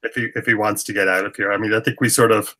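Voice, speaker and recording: Bright-voiced man playing a tabletop game. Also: fairly low pitch, fairly even intonation. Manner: halting restarts, stammering. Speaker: player. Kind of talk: tabletop role-play, in and out of character.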